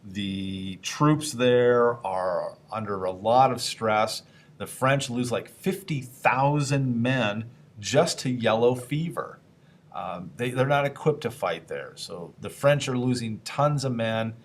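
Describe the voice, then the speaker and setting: A man's voice: mid-range voice, slow. Casual man giving a history lecture. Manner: conversational, asks the class questions, acts out historical figures in casual asides. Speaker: teacher.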